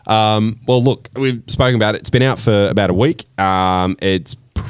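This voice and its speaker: Sweary, animated man, low voice. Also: moderate pace, smooth, no echo, clean studio sound. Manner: sweary, animated storyteller acting out scenes. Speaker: podcast co-host. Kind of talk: casual chat.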